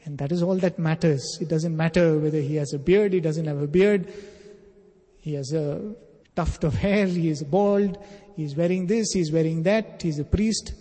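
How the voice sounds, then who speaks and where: Male spiritual teacher, earnest sermon, fairly high, mellow and husky, long hall echo. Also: moderate pace. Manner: earnest, emphatic, builds phrases in lists. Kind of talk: sermon with storytelling.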